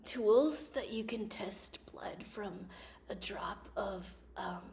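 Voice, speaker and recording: A woman doing a low, half-whispered impression of a smooth-talking woman founder pitching investors. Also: a little mellow. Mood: hushed persuasive. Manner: deliberately lowered, breathy, half-whispered voice.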